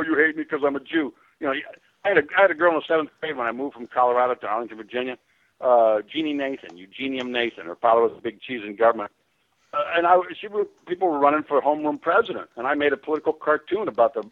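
A man's voice: medium pitch, dry recording. Caller: American man, rambling, heavy restarts, muffled dry phone-in line. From United States. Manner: rambling, many restarts and fillers. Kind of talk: call-in radio rant.

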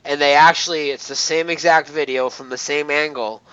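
A man with a bright, clear, somewhat high voice chatting casually on a call-in radio show. He laughs easily and fills his talk with hesitations. The sound is dry and a little dull. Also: fairly even intonation, a little fast, no echo. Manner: laughs while talking, many fillers and restarts.

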